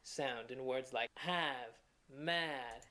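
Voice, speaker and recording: A male accent coach gives an instructional video lesson. He walks through each vowel methodically, slowing down to demonstrate the sounds in a bright, forward voice. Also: medium pitch.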